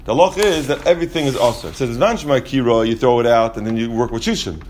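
A man explaining Talmud in a casual class, rapid and full of restarts and asides. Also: medium pitch, a little mellow, a little hiss or hum. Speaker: Talmud teacher.

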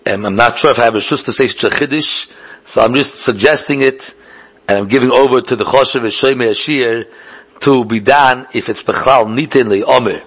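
A Talmud teacher gives a lecture while thinking aloud, restarting often, repeating words, and mixing English with Hebrew and Yiddish learning terms. His medium-pitched voice is brisk, a bit bright, and husky.

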